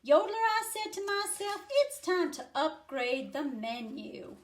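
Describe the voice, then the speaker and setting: A woman's voice: sits high, very animated, unhurried, slight background noise. A woman putting on a folksy Southern dog. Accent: put-on Southern US. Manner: folksy storytelling drawl. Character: folksy dog restaurant owner, talkative. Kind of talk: reading a picture book aloud.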